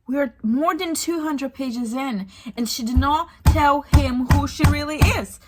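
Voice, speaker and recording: Exasperated young woman ranting, slow-paced. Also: high voice, music in the background. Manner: exasperated, ranting with frequent sighs and swearing. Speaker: book reviewer. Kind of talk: casual book-reading reaction vlog.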